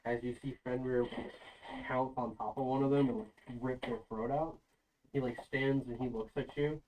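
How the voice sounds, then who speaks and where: A man's voice: medium pitch, fairly even intonation, moderate pace, darkish tone. A man running a tabletop game as game master, narrating in a loose, rambling way. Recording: voice sounding far from the mic.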